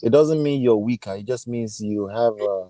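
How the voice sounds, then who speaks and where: A man with a Nigerian accent, a guest on a live stream, giving earnest advice in a halting way. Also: fairly low pitch, a crowd in the background. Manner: hesitant, with many fillers and restarts, earnest advice. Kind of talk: casual live-stream chat.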